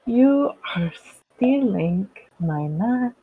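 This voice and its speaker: A woman in relaxed late-night chat, easygoing and quick to laugh. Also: mid-range voice, breathy edge, dry recording, phone-quality sound. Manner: laid-back, laughs often.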